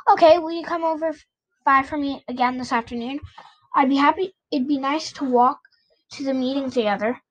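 A nervous preteen girl speaks in a high, uncertain voice, trailing off and restarting as she worries. A woman reads her lines aloud from a storybook. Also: brisk, lightly acted, rough recording. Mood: hopeful. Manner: hesitant, trailing off. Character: anxious preteen girl, unsure and thoughtful.

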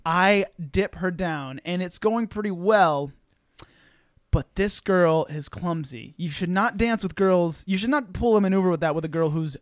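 A young man telling a wild story in casual, profane podcast chat, acting out the people in it loudly. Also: high-pitched, moderate pace, no echo, studio quality. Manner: animated, profane, acts out quoted people loudly.

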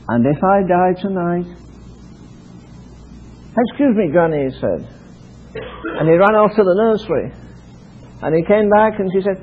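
A man's voice: high-pitched, animated, normal speed, long pauses, slight background noise. An older British man preaching a sermon, telling stories and urging his listeners in an emphatic way. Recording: tinny lo-fi archive tape.

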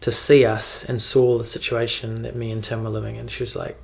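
Gravelly New Zealand guy rambling. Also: mid-range voice, flat delivery, fairly quick. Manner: rambling storytelling with frequent "like" and laughs. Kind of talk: casual chat.

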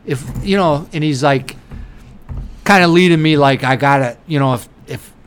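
A man's voice: a little high, moderate pace, a little hiss or hum. A man co-hosting a podcast, telling a story in casual chat, swearing constantly and acting out what people said. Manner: animated, swears constantly, acts out quotes. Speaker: podcast co-host.

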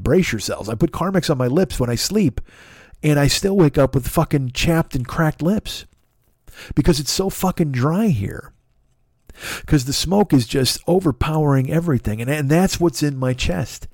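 A man's voice: a little high, darkish tone, no echo, studio quality. Profane, ranting man podcast host. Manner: swears constantly, ranting and sarcastic. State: raw throat. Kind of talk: profane comedic monologue.

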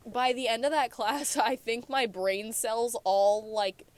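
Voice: mid-range voice, steady tone, slow pace. A teenager co-hosting a casual podcast, telling stories in a rambling way with many fillers and restarts. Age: teens. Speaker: podcast co-host. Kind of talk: casual chat, storytelling.

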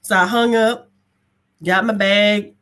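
A woman guest telling a personal story in a casual chat, colloquial and animated, acting out the dialogue and laughing as she goes. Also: medium pitch, slow. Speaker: guest sharing a testimony.

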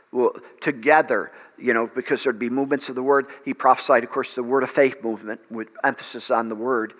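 A male pastor preaches and prays with fervent energy, stumbling now and then over his words. His voice is bright and forceful, and it carries a long reverb through a large hall. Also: mid-range voice. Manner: fervent preaching with frequent fillers and restarts. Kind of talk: sermon and prayer.

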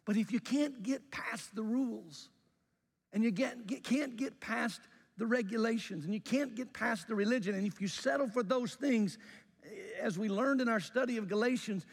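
A pastor preaches in a raised, fairly high voice, telling a story as if chatting with the congregation. His delivery is animated and pushes up for emphasis. Long reverb fills the large hall around him. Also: moderate pace, vocal fry, slightly rough. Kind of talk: sermon.

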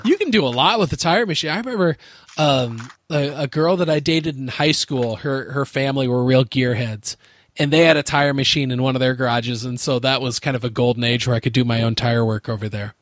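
A man's voice: medium pitch, fairly quick, no echo. A man hosting a casual chat, swearing freely and laughing easily.

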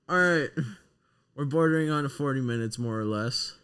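A young man co-hosting a casual podcast, telling stories in an animated way, swearing and breaking into loud laughter. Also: mid-range voice, smooth. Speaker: podcast co-host.

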